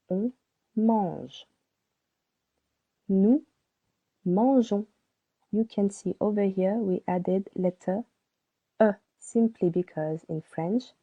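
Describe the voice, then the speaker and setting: A woman teaching a beginner French lesson, spelling out letters and saying each example word twice. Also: fairly low pitch. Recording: tinny phone-like sound.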